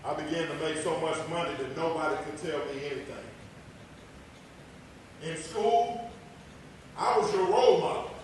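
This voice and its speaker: A fairly high-voiced middle-aged man from tells his story as a motivational speaker, swinging from loud to hushed. His rings through a big echoey room, picked up from some way off the mic with a faint hiss underneath. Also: moderate pace, long pauses. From Texas. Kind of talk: personal testimony speech. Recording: echoey hall, voice far from mic.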